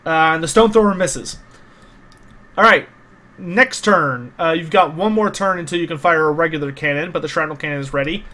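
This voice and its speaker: Higher-voiced man running a tabletop game. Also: fairly quick, pushed and bright. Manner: explains rules patiently, with frequent uh fillers. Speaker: game master.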